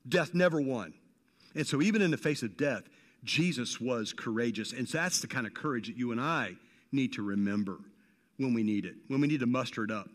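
A man's voice: medium pitch, big-room sound. A man preaching a sermon in a conversational way, repeating phrases for emphasis and dropping in casual slang. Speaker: pastor.

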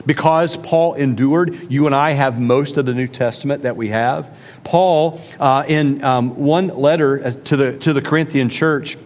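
A man delivers a sermon in an easygoing, conversational way, full of fillers and asides to his listeners. His voice sits at a middle pitch. A long reverb from the hall trails each phrase. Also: unhurried, a little mellow. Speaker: pastor.

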